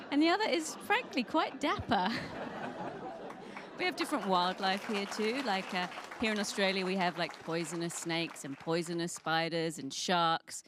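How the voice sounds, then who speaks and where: An English woman with an English accent performs stand-up comedy. She uses a wry, quick observational delivery and a medium-pitched voice. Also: fairly bright tone, a little hiss or hum. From England.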